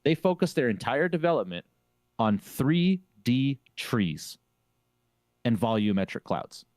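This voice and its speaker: A man's voice: mid-range voice, sing-song, measured pace, a little mellow, no room sound. A man on a streamer panel discussion, talking emphatically and opinionatedly, repeating phrases to drive his point home. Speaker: flight sim streamer on a panel.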